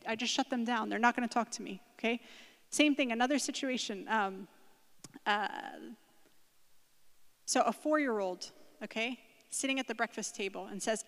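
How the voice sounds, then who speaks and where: A woman's voice: on the high side, moderate pace, long pauses, fairly bright tone. A woman giving a conversational parenting talk to a group, often checking in with the room by asking "right?" and "okay?". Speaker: speaker at a parenting workshop. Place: church hall. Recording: echoing hall with long reverb.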